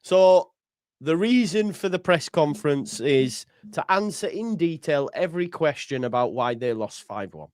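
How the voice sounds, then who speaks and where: A man's voice: on the high side, animated, a little slow, a little mellow, no echo, clean studio sound. A man, hosting a casual fan chat on a live stream, full of banter and laughter. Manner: banter-heavy, laughs often, acts out quotes. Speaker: fan podcast host.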